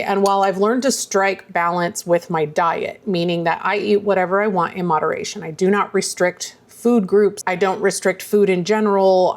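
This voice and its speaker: Rambling, chatty woman vlogger. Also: on the low side. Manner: rambling and self-deprecating; earnest, openly emotional. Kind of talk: casual chatty vlog.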